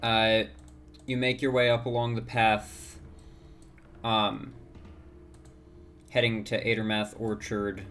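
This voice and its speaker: A man narrating as dungeon master in a tabletop game, halting with many fillers. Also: fairly low pitch, flat delivery, fairly bright tone, soft background music.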